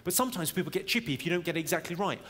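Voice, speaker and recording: A man performing a stand-up routine, delivering deadpan one-liners and teasing the crowd. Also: on the high side, very fast. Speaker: stand-up comedian. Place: comedy venue stage. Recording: reverberant venue audio with loud crowd noise.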